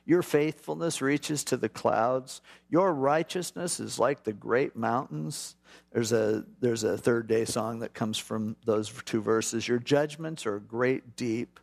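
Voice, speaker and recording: A middle-aged man teaching from a Bible passage in a relaxed, conversational way, acting out prayers in quick asides. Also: medium pitch, gravelly. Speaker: pastor.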